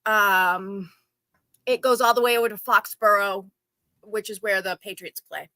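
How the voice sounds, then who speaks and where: A woman's voice: medium pitch, fairly even intonation, measured pace, sharp tone, no room sound. A woman from Massachusetts and Maine, a guest on a live stream, answering in short, chatty replies. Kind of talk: casual live-stream chat.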